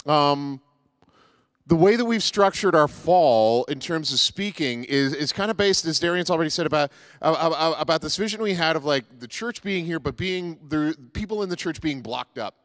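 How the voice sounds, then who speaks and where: A man's voice: a little high, lively intonation, moderate pace, fairly bright tone, no room sound, studio quality. A man giving a casual, joking sermon as pastor, with many fillers and restarts.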